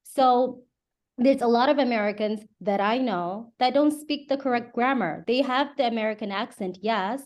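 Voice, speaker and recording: A woman English teacher making her point in an online debate, measured and steady. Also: a little high.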